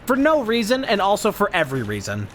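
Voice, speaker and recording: A man's voice: high-pitched, wildly swooping pitch, fast, fairly bright tone, slight background noise. A man streaming a video game, ranting at enemies in a profane, exasperated way and sounding frustrated. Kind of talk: live gameplay commentary.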